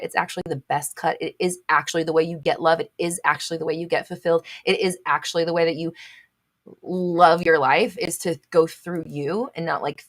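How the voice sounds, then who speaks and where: A woman with a slightly low voice hosts a live question-and-answer stream. She reads out comments from viewers and answers them in a blunt, emphatic way, repeating her points and swearing freely.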